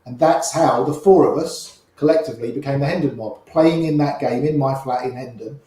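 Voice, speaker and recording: A man's voice: mid-range voice, a little fast, a crowd in the background. An older man casually telling anecdotes as a guest, acting out the voices of people in his stories. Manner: chatty, acts out quoted voices in his tales. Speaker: guest storyteller. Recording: very echoey room.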